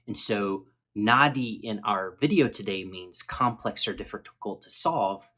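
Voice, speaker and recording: American guy teaching english words, husky voice, friendly and slow, repeats stuff carefully. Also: fairly low pitch, fairly bright tone. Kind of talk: scripted vocabulary lesson.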